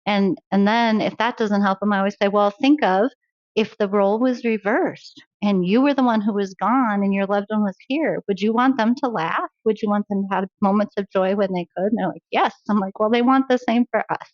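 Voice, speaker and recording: Earnest woman guest, mid-pitched, dry and dull lo-fi recording, laughs easily. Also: steady tone, normal speed, dry recording. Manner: earnest, laughs often while telling stories. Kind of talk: faith-based interview conversation.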